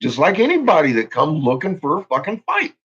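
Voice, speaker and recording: A man's voice: fairly high pitch, wildly swooping pitch, brisk, a bit bright, husky, dull audio. A man ranting angrily on his channel, swearing constantly and making heated threats. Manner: profane, heated, swaggering threats. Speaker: YouTuber. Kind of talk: angry ranting vlog.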